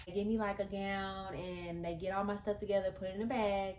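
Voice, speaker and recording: A woman's voice: medium pitch, fairly even intonation, brisk, darkish tone, echoey room, a little hiss or hum. A woman telling a story in a casual vlog, chatty and rambling, talking straight to her viewers. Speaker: vlogger.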